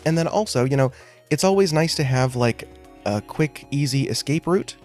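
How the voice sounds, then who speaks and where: A man hosting a gaming video, casually talking through his gameplay, joking about himself and thinking out loud. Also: a little high, expressive, moderate pace, soft background music. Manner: chatty, self-joking, thinking aloud.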